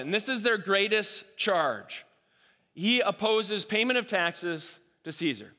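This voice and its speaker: Preacher, man, high bright voice, animated delivery, big reverberant hall. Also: takes it slowly. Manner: animated, acts out quoted voices, repeats himself. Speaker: pastor. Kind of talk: sermon.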